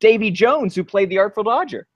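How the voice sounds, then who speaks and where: A man's voice: high voice, animated, brisk. A man co-hosting a podcast in casual chat, playful and chatty. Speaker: podcast co-host.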